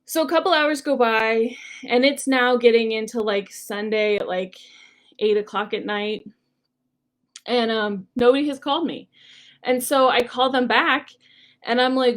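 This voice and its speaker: A woman's voice: fairly high pitch, measured pace. A young adult woman coach teaching a workshop lesson in a casual, chatty storytelling way, full of "like" and "um". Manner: chatty, frequent "like" and "um". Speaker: personality coach leading a workshop.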